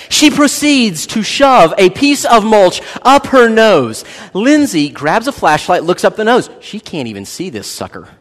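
A man in his thirties preaching a sermon as a pastor, animated and joking as he tells a family story. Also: high voice, unhurried. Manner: animated, joking, acts out voices in anecdotes. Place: church hall. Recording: long hall reverb.

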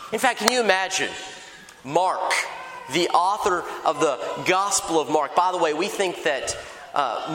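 A man preaching a sermon in a conversational, lively way, acting out little dialogues. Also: high voice, a little hiss or hum. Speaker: pastor. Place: large church hall. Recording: echoey church hall.

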